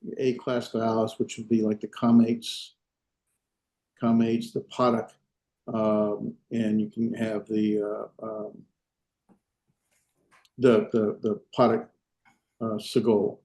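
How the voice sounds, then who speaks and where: A man teaching a language class in a lecture, unhurried and full of fillers and restarts as he explains step by step. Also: lowish voice, completely flat delivery, mellow. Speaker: Hebrew instructor. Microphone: video call.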